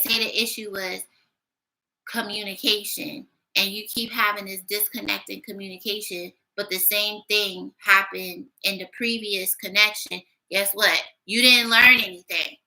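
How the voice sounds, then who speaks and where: A woman giving a casual tarot reading, blunt and sassy, talking her thoughts out loud. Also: mid-range voice, steady tone, moderate pace, low-quality recording. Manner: blunt, sassy, thinking aloud. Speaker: tarot reader.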